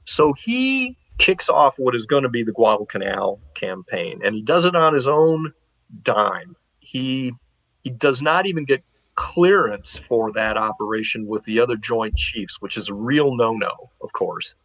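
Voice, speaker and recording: A man, a guest historian, telling war history in a relaxed, animated way and acting out the people he talks about. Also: medium pitch, a little slow, no room sound, poor audio. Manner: animated, acts out historical figures in paraphrase. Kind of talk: casual spoken history storytelling.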